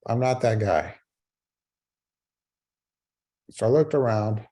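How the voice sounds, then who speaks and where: A man's voice: on the low side, a little slow, pauses often, dark tone. A middle-aged man giving a keynote speech on a video call, telling a personal story with wry, self-mocking humor. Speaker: keynote speaker.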